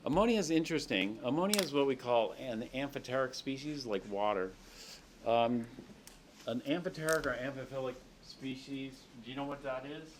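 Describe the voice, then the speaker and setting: A man's voice: medium pitch, moderate pace, slight background noise. A man teaching a chemistry class, explaining reactions step by step and checking in with students. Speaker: chemistry lecturer. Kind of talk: classroom lecture. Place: lecture classroom.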